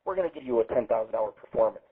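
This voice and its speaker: A man's voice: medium pitch, lively intonation, racing, slightly rough. A man hosting a live internet radio show, brash, boastful and heavily profane, rambling between topics. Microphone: webcam setup. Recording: tinny lo-fi phone-like sound.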